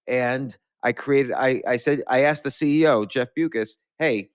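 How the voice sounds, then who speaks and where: A man's voice: medium pitch, unhurried, clean tone, dry recording, studio quality. A middle-aged man hosting a podcast, telling long rambling anecdotes with restarts and laughs. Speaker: podcast host. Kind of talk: storytelling in conversation.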